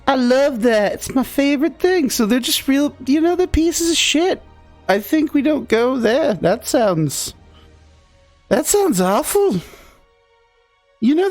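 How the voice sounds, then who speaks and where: A man's voice: high voice, heavily acted. A man voicing a rambling, drunken tavern companion who trails off into tangents. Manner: rambling, slurred asides.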